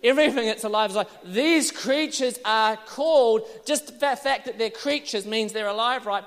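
A man preaching a sermon, animated and rising to shouted exclamations. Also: very high-pitched, normal speed, hardly any pauses, in a large hall.

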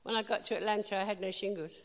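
A woman preaching a sermon, telling a personal story with lively, animated delivery and bursts of laughter. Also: medium pitch, fast talker, in a large hall.

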